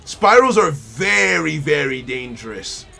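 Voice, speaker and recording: A man's voice: a little high, very animated, a little slow, gravelly, bright, forceful tone. A man streaming a card game, thinking aloud in casual commentary, repeating phrases to himself and talking to his opponent and chat. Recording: faint music behind the voice.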